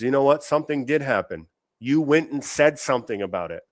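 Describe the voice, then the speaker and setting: A man's voice: medium pitch, animated, fairly quick, no echo, clean studio sound. A man hosting a podcast, giving blunt, profane political commentary. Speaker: podcast host.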